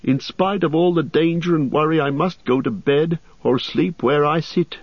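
A dead-tired young hobbit voiced by a man whines high and slow, dragging his words. The voice is husky and the recording slightly dull. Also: no echo. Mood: weary. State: drowsy and weary. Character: sleepy young male hobbit, grumbling.

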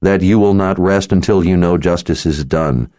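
A man's voice: deep voice, moderate pace, warm tone, no echo, studio quality, close to an everyday voice. A man voicing a grim, determined hero who speaks firmly in an audiobook. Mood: grim, resolute. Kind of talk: audiobook character voice.

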